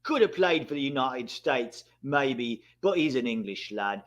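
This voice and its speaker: A man at medium pitch hosts a live broadcast of a match viewing. He talks casually and reacts loudly to decisive moments. He keeps addressing the viewers in the chat. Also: measured pace, hardly any pauses. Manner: excitable, bursts out at big moments, talks to chat. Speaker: host of a live watchalong.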